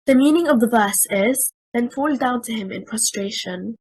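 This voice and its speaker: A woman trainer giving a scripted lecture on Quranic stress, speaking in a measured, deliberate way and repeating example words with different stresses. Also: a little high, slightly rough, poor audio.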